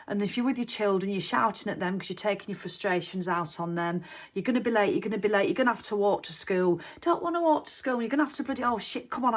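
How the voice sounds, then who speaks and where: Chatty swearing woman. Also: on the low side. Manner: chatty, swears freely, acts out scenes. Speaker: motivational vlogger. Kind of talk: casual monologue.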